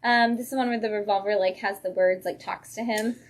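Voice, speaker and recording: A woman's voice: mid-range voice, steady tone, brisk. A woman co-hosting a comic shop livestream, chatting and reviewing comics, enthusiastic and laughing often. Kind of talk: casual chat, comic reviews.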